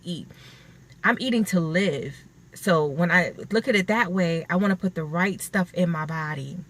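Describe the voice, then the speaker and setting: A woman's voice: on the low side, fairly bright tone. A woman vlogger talking casually and earnestly to camera, rambling and repeating herself for emphasis. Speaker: vlogger sharing her weight-loss surgery recovery.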